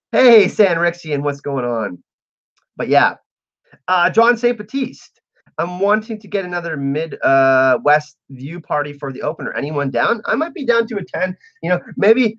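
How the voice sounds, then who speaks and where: A lively, fairly high-voiced man hosts a casual livestream and keeps up an easy, chatty flow as he answers his viewers. His pitch swings widely and he laughs often. The sound is a little dull and lo-fi. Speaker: livestream host. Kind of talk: casual livestream chat, reading out chat messages.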